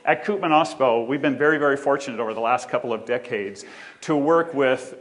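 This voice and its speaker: A man with a mid-range voice speaks fairly quickly while giving a conference talk on a theater stage. He is joking and animated, bantering with the audience as he walks around.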